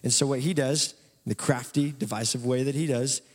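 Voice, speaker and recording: A man preaches in a relaxed, conversational style. He speaks at a middling pitch with lively storytelling energy. His voice carries the long echo of a large hall. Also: normal speed. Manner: animated, conversational retelling. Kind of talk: casual sermon storytelling.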